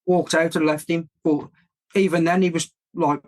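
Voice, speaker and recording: Brief: British man, podcast guest, earnest chatty delivery, fairly high voice. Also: flat delivery, moderate pace. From Britain. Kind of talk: casual chat.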